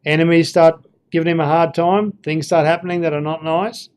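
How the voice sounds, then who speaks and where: A man's voice: fairly high pitch, fairly even intonation, fairly quick, darkish tone. A man giving an informal Bible lesson, thinking aloud with fillers and reading verses with feeling. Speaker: Bible teacher.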